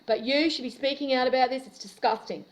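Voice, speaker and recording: A woman's voice: sits high, fast talker, rough recording. An Australian woman delivering a profane, confrontational monologue to camera in an angry rant. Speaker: video commentator.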